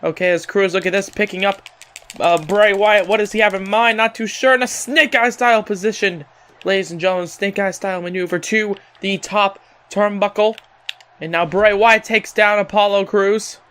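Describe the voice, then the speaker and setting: A man with a notably high voice hosts a gaming channel. He calls wrestling video game matches in an excitable play-by-play style and keeps addressing "ladies and gentlemen.". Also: normal speed, clean tone.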